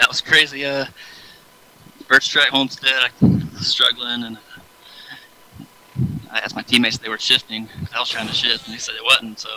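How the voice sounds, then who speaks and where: A man, a race driver, recounting his races in an excited, rambling way. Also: mid-range voice, slight background noise, low-quality recording.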